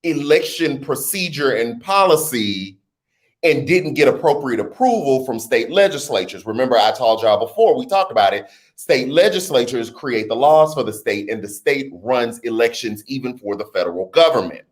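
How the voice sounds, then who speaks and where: A middle-aged man with a New Orleans accent, talking casually to camera about politics, with lively rhetorical questions and teasing asides. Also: medium pitch, moderate pace. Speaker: political commentary vlogger. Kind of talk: casual explainer vlog.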